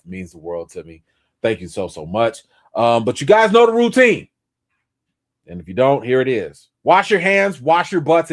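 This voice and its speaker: A man hosting a casual livestream, talking in laid-back slang, bursting with excitement at times, and thanking his supporters again and again. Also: medium pitch. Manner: effusive, thanks donors over and over. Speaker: livestream host.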